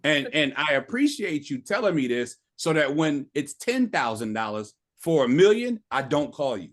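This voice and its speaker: A man's voice: fairly high pitch, big pitch swings, normal speed. A middle-aged man leading a sales training session over a video call, emphatic and coaching, drilling his listeners with call-and-response lines. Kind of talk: motivational training talk.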